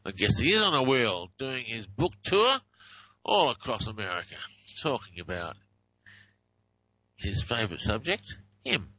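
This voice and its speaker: A man's voice: medium pitch, very animated, unhurried, pauses often, bright, forceful tone, breathy edge, lo-fi sound. Chatty male radio host with hiccups. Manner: chatty and wry, reads out phone numbers, apologizes to listeners. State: has the hiccups. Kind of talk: talk radio commentary on played audio clips.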